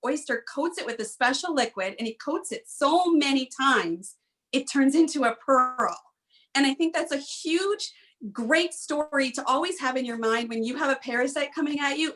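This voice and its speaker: A woman's voice: high voice, a bit bright. A woman guest on a podcast, an author and speaker, talking earnestly and emphatically, telling a story with repetition. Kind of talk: motivational interview talk.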